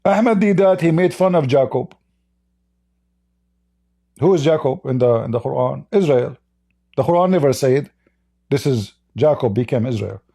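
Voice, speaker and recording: A man's voice: a little high, normal speed, pauses often, warm tone. Mocking, combative man hosting a call-in debate. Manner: mocking, combative, laughs at callers. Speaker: host of a call-in debate stream. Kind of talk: live call-in religious debate.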